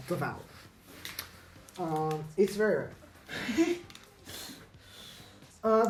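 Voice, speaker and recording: A woman teaching an unscripted grammar lesson, halting and correcting herself, with many fillers. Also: fairly low pitch, darkish tone, slight background noise. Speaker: English teacher. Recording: echoey room with faint music.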